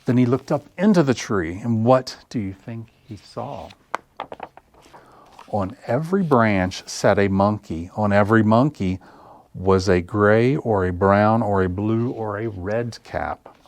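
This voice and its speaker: A man's voice: lowish voice, dry recording. Man reading picture books aloud. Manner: slow, expressive storytelling. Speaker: children's librarian. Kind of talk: picture-book read-aloud.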